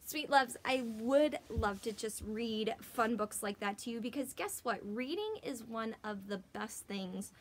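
A young woman teacher reads a picture book aloud to children with a gentle, expressive style full of gasps and whispers. Her voice is on the high side, she moves a little slowly with few pauses, and there is slight background noise.

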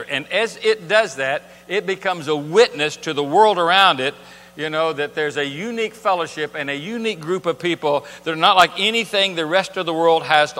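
A man's voice: on the high side, sharp tone. A man preaching a sermon in a church, talking conversationally and asking his congregation rhetorical questions. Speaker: pastor. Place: church sanctuary. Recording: long church hall reverb.

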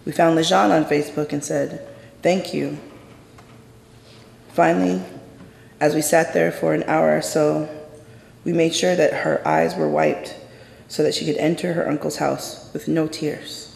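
A gravelly, fry-laden voice tells a true story live from a stage, intense and measured, dropping to a hush at the quietest beats. The sound carries the long reverb of a large hall and rings around the room. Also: mid-range voice, lively intonation, slight background noise. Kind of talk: live spoken-word story performance.

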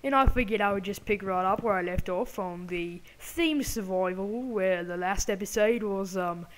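A woman's voice: mid-range voice, normal speed. A woman hosting a gameplay video, chatting to viewers while putting on an exaggerated British accent. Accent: put-on British. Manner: chatty, apologetic asides to viewers. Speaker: gaming channel host. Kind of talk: gameplay commentary.

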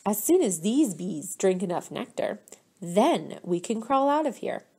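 A woman's voice: medium pitch, big pitch swings, measured pace, a little mellow, breathy edge, full character voice. Ms. Frizzle, a cheerful teacher, read by a woman. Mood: upbeat. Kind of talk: storybook read-aloud.

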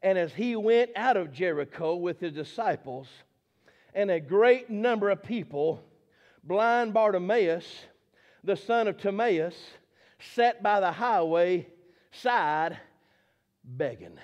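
Fervent high-voiced preacher. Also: male voice, lively intonation, slow pace. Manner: fervent, rising to shouts, repetitive call-and-response preaching. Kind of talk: sermon.

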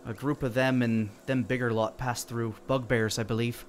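A man's voice: medium pitch, little pitch movement, normal speed, a little hiss or hum, lightly acted. A man voicing a folksy male woodland guide in a tabletop game.

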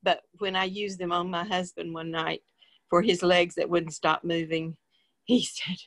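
A woman's voice: fairly low pitch, level tone, measured pace, dry recording. A woman guest in a casual interview, telling a story in a plain, rambling way with many fillers.

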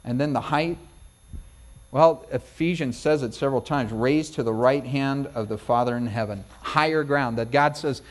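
A middle-aged male pastor preaching a sermon in a folksy, conversational way, building to emphatic peaks. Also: mid-range voice.

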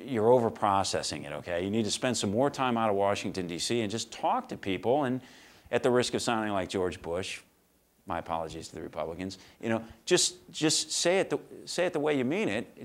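Animated man telling campaign stories. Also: on the low side, a little fast. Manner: animated, acts out both sides of conversations; casual, blunt, laughs while telling stories. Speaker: guest speaker at a law school. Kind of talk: storytelling talk. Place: lecture hall.

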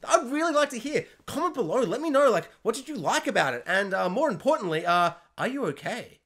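A man's voice: high voice, very animated, a little fast, fairly bright tone. A man giving a casual, sarcastic spoken film review, exasperated and acting out scenes in silly voices. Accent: Australian.

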